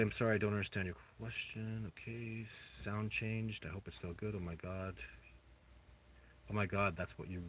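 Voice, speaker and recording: Low-voiced man rambling on a livestream. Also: a bit bright, slight background noise. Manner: rambling, halting, with many restarts. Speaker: livestream host answering viewer questions. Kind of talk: casual live chat.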